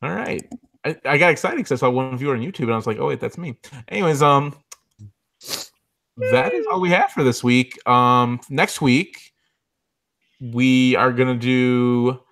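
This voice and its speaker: A man's voice: mid-range voice, sing-song, moderate pace, long pauses, a bit bright. A man hosting a casual gaming podcast, laughing often and joking around. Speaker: podcast host.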